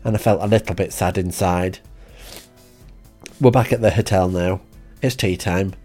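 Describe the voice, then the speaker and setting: A man telling a comic diary story in a deadpan, rambling way. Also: sits low, a little slow, soft background music. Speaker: comic diarist.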